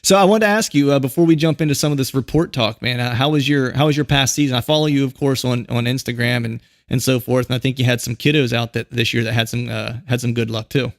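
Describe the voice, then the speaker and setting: A man's voice: medium pitch, fast, hardly any pauses, no room sound, clean studio sound. A man hosting a podcast, chatting casually with a guest and rambling through many fillers and restarts. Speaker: podcast host. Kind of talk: casual interview chat.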